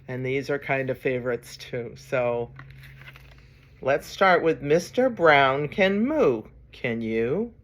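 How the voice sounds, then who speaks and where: A woman's voice: extremely low pitch, animated, slow. A woman reading a picture book aloud for story time, playfully acting out the noises and coaxing children to join in. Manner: playful, acts out animal and sound noises, coaxes listeners to join in.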